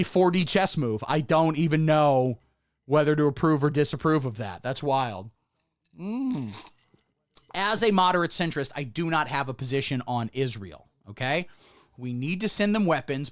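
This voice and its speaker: A man hosting a comedy livestream, ranting sarcastically and crudely in a mock-pundit persona, lurching between loud outbursts and muttered asides. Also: a little high. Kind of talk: satirical political comedy rant. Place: indoor room under hot studio lights.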